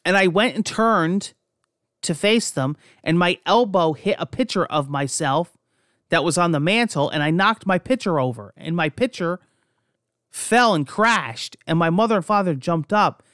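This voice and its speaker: A young man from New Jersey tells his stories casually, cursing freely and restarting his sentences as he goes. His voice sits on the higher side for a man. The recording is dry and close, with no room sound. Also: lively intonation, normal speed, fairly bright tone, dry recording. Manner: rambling, profane, frequent restarts. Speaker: podcast host. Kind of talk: casual personal storytelling.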